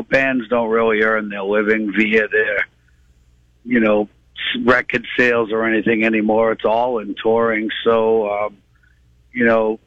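A man with a Boston accent calling in by cell phone from a moving tour bus, talking in a relaxed way with many fillers. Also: mid-range voice, no room sound. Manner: relaxed, filler-heavy, says "you know" a lot. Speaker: guest musician calling in. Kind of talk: phone interview. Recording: dull cell phone line.

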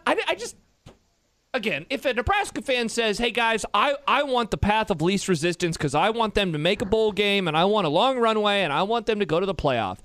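A male sports radio host with a high voice that swoops all over as he talks. He teases his co-host and gets fired up about his opinions. The studio sound is dry and close. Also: dry recording. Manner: animated and teasing, exclaims often. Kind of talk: casual sports talk.

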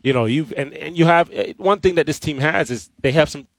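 A man's voice: fairly high pitch, brisk, gravelly, no echo. A man on a post-game basketball panel speaking firmly, repeating phrases for emphasis. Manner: firm, preachy, repeats phrases. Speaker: basketball analyst.

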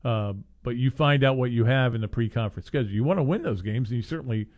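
A man hosting casual sports talk, rambling with many restarts and growing excitable as he recounts a game. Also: mid-range voice, fast talker. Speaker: sports radio host.

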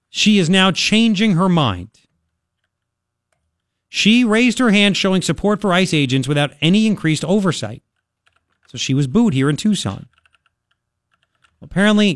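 A man hosting a political talk radio show, rambling and sarcastic in an animated way. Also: fairly high pitch, dry recording, clean studio sound.

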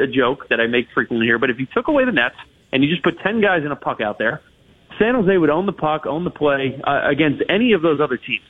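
A man's voice: on the high side, husky. A man analysing hockey as a guest in a radio interview, talking in long runs full of restarts and fillers. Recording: tinny phone line on radio.

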